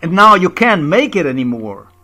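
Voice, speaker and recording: A man's voice: sits high, sing-song, moderate pace, pushed and bright. A man in a confrontational, repetitive video rant, full of rhetorical questions and swearing. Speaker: vlogger. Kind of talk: angry personal video rant.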